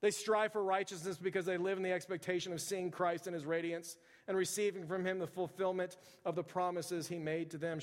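A male pastor delivering a sermon in an easy, conversational way, breaking off into chatty asides. His voice sits a bit high. The recording carries the long reverb of a large church sanctuary.

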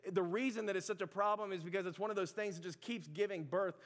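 High-voiced conversational male preacher. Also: fast, fairly bright tone, long reverb tail. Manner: conversational preaching, many "like" and "right" fillers. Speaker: pastor. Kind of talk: sermon.

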